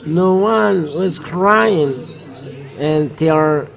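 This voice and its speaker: Very slow halting male preacher. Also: on the high side, creaky, low-quality recording. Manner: halting, many fillers and restarts. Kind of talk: live church sermon.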